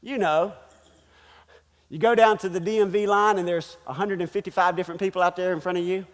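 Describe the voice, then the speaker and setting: Very high-voiced man preaching emphatically. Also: steady tone, a little fast, big-room sound. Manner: emphatic, calls out to the congregation, repeats key words. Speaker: pastor. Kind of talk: sermon.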